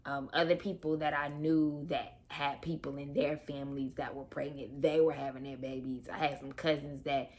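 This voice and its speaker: A young woman talks to her camera like she's catching up with friends, chatty and expressive, dropping casual slang. Her voice sits a little low for a woman. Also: moderate pace, few pauses. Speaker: mom vlogger.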